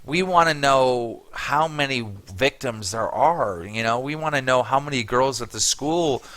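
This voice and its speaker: A man's voice: medium pitch, measured pace, a bit bright. A man interviewing a guest over a video call, asking pushy, blunt questions.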